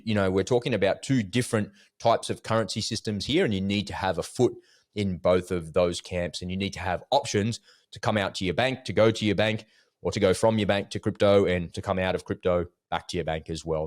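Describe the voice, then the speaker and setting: A man's voice: deep voice, steady tone, fairly quick, no echo, clean studio sound. A man co-hosting a casual podcast, telling stories animatedly and acting out callers' voices. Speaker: podcast co-host.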